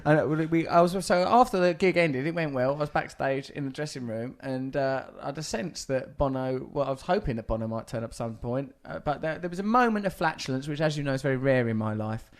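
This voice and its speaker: A man's voice: medium pitch, fast talker, few pauses. A man hosting a comedy podcast, telling a rambling anecdote in a wordy, mock-formal way, with many restarts. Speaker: podcast host.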